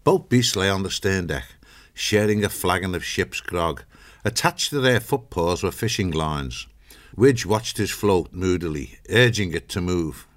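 Deep-voiced male audiobook narrator. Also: lively intonation. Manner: measured, dramatic storytelling. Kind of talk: scripted narration.

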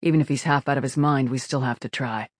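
A gruff starship captain with a sharp edge to his words, as a man reads him. He is blunt and practical. The voice is dry and close to the mic. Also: medium pitch, fairly even intonation, fast talker, no echo, close to an everyday voice. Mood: firm. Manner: sharp-edged, pragmatic. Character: gruff middle-aged male ship captain.

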